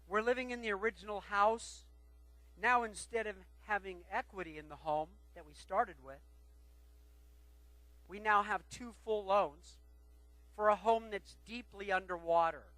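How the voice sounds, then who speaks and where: A pastor preaching a sermon, swinging between loud calls and quiet asides. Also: male voice, high-pitched, a little slow, long pauses, dry recording, rough recording.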